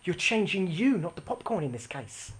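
A woman's voice: on the low side, big pitch swings, normal speed, noisy background. A woman giving a live religious class, explaining with a diagram, asking the audience questions and repeating lines for emphasis. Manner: explains using a picture or diagram. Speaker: religious teacher.

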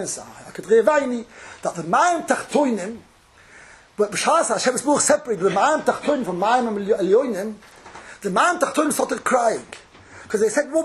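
A man giving a Hasidic Torah sermon, chanting verses in a sing-song and repeating his phrases. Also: very high-pitched. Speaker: rabbi giving a Torah talk.

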